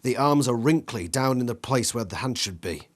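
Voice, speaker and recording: A man reading an interactive gamebook aloud in an animated way, acting out the sound effects with his voice. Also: mid-range voice, moderate pace. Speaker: reader.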